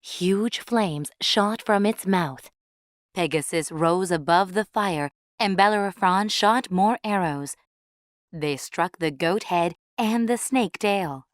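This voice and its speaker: Slow, measured woman storyteller. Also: on the low side, dry recording, studio quality. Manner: clear, measured read-aloud. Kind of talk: storybook reading for English learners.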